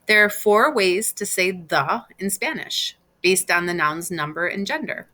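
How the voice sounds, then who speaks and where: A woman's voice: fairly low pitch, animated, measured pace, bright, forceful tone. A woman teaching Spanish grammar in a recorded class, explaining patiently step by step with examples.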